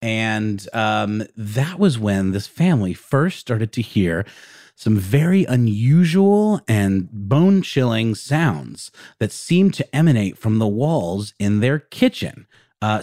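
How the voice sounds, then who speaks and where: In a dry, clean studio recording, a podcast co-host with a fairly low, slightly mellow voice tells a story during casual chat. He rambles, filling his speech with fillers and frequent restarts.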